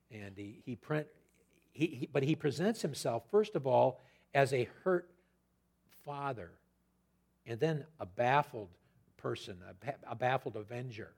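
Husky preacher, conversational and animated. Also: male voice, medium pitch. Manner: conversational, animated, retells scripture with asides. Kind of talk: expository sermon.

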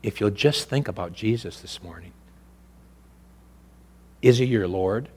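A male pastor preaching a sermon, swinging between loud, raised preaching and quiet, low, intimate speech. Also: a little slow, slightly rough.

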